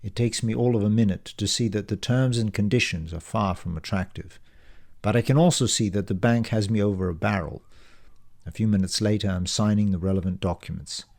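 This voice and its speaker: An author reads his own novel aloud, narrating in the first person. His voice sits on the low side for a man, and he tells the story in a measured, descriptive way at an even reading pace. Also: creaky.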